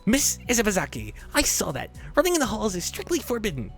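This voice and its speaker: A man's voice: high-pitched, huge pitch swings, fast, soft background music, voice pushed up, exaggerated voice. A strict, furious student council girl from a game story, put on by a man. She lays down the rules in a clipped, stern tone. The voice is pushed up above a man's normal range. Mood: scolding. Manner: stern, scolding.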